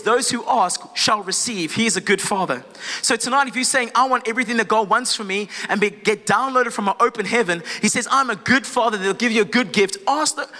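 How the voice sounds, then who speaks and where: A man preaching with a high, very bright voice that rings through a long hall reverb. He moves from casual asides to the congregation into fervent, impassioned prayer declarations. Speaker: pastor. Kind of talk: sermon. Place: church service.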